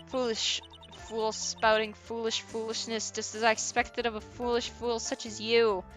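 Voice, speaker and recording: A woman's voice: fairly high pitch, level tone, unhurried, fairly bright tone, soft background music. A woman voicing a haughty young female prosecutor, speaking coldly and condescendingly. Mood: scornful. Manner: cold, condescending.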